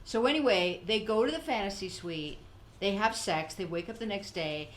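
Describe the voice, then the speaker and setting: This older woman hosts a casual podcast chat at a moderate pace, her voice mid-range. She brings stories to life by acting out quotes and often breaks into laughter, over slight background noise.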